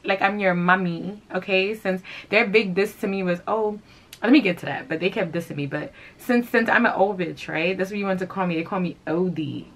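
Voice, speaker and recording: Sassy low-voiced woman ranting. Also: brisk. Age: 30s. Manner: sassy, confrontational, bursts of laughter. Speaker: fashion vlogger. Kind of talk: casual rant to camera.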